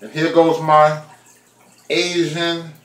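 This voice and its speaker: Slow-talking man in an echoey kitchen. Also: a little high. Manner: relaxed, chatty, addresses viewers directly. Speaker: vlogger. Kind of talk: casual kitchen vlog. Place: home kitchen.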